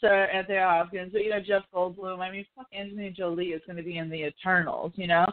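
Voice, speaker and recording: A woman's voice: on the low side, flat delivery, quick pace. Chatty woman host on a tinny line. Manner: chatty, swears freely, acts out quotes. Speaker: podcast host. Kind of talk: casual pop-culture chat. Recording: tinny phone-like call audio.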